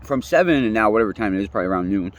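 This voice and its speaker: A man's voice: lowish voice, lively intonation, rapid-fire. Rambling, profane young man. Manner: profane, rambling, repeats himself; restarts and trails off often. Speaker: vlogger telling his own story. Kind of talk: casual storytelling rant.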